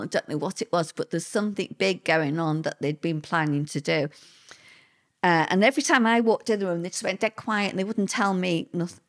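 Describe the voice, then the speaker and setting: A middle-aged woman, telling a personal story as an interview guest, chatty and repetitive. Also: mid-range voice. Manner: conversational, repeats words, lively quoted voices.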